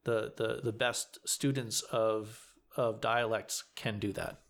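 A man's voice: fairly low pitch, level tone, slow pace, a bit bright. A man, a community theater actor giving advice in a casual interview, earnest and explanatory with frequent restarts.

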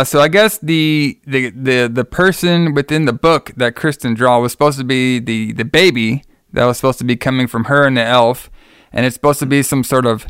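A young man casually recapping a film plot in loose, profane talk, slipping into quick voices for the characters. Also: mid-range voice, a bit bright, clear, resonant tone, dry recording, studio quality. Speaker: podcast co-host recapping a movie.

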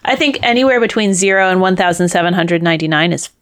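A woman's voice: on the low side, lively intonation, fast. A woman co-hosting a casual podcast, analytical, explaining trivia and wagering strategy. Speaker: podcast co-host. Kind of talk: casual game-show recap chat.

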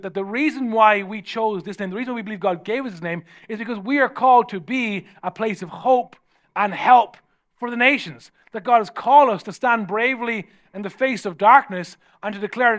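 Irish male pastor, middle-aged, lively humorous preacher with a high-set voice. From Ireland. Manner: humorous, energetic preaching with jokes and rising shouts. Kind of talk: sermon.

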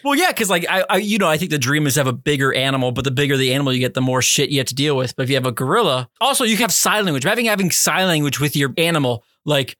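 A man's voice: on the high side, animated, racing, few pauses, a bit bright, no echo, clean studio sound. A man co-hosting a podcast in casual chat, playfully spinning silly what-if scenarios. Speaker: podcast co-host.

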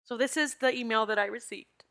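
A spiritual teacher hosting a podcast speaks fairly quickly in a slightly high, somewhat bright voice. She's tearful and sniffling, holding back tears as she tells a personal story in a heartfelt, emotional way.

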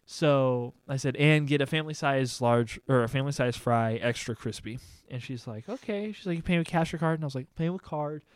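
A man's voice: medium pitch, brisk, hardly any pauses, clean tone, dry recording. A young man, a podcast co-host telling a story in casual chat and acting out both sides of the conversation.

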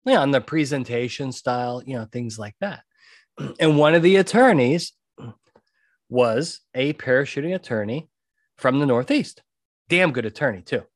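In a clean studio recording with no echo, a medium-pitched man speaks animatedly at a moderate pace. As a podcast host and jury consultant, he gives advice in an emphatic conversational monologue, repeating what matters most.

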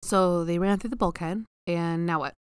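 A young adult woman playing in a tabletop game, playful and quick to laugh. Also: fairly low pitch, fairly even intonation, clear, resonant tone, no room sound. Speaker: player. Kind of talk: casual tabletop play.

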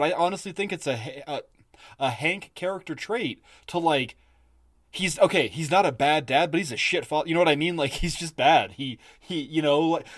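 A man co-hosting a podcast, talking in a casual, profane, animated rant and laughing often. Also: fairly high pitch, no echo, clean studio sound. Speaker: podcast co-host. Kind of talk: casual chat.

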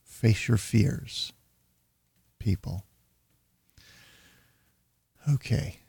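A man hosting his show, commenting on video clips in a deliberate, emphatic way that slows down for key points. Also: lowish voice, creaky, a little mellow, husky, no room sound. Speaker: host.

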